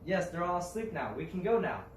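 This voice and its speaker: A man telling a folk tale puts on a calm young woman planning an escape, her lines brisk and plain. The voice sits a touch high for a man. It is caught from across an echoing room. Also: a little hiss or hum. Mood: cautious. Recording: roomy, mic at a distance.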